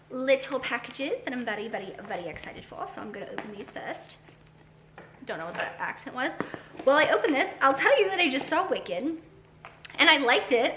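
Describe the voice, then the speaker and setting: A woman's voice: a little high, fairly bright tone, slight background noise. A young woman vlogging casually at home, chatty and rambling with lots of "like". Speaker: book vlogger. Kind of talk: casual vlog chat.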